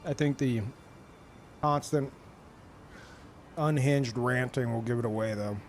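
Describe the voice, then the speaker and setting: A man streaming live in casual chat, ranting in an animated and profane way. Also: medium pitch, slow, faint music behind.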